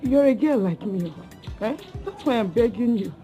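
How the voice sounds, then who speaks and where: A woman's voice: on the high side, expressive, moderate pace, dark tone, soft background music, natural voice. An actress with a Nigerian accent playing a grieving young woman who keeps begging for more time to pay a debt. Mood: pleading. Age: young adult. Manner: pleading, imploring. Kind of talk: Nollywood film acting. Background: film score.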